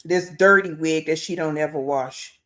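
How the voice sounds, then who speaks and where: A woman's voice: low voice, moderate pace, fairly bright tone. A woman hosting reaction commentary, blunt and critical, talking straight to her viewers. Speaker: commentary host.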